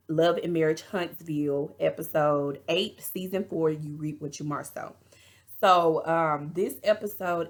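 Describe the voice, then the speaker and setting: A chatty woman with a Texas drawl talks straight to her viewers and reviews a reality show episode in a loose, opinionated vlog style. Her voice sits very low and has a gravelly, fry-heavy edge. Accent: Texan. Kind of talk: casual vlog commentary.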